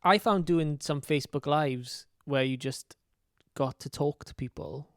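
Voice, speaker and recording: Smooth-voiced man with a South Welsh accent. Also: on the high side, a little slow, dry recording, studio quality. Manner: easygoing, jokey. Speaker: podcast co-host. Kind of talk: casual chat.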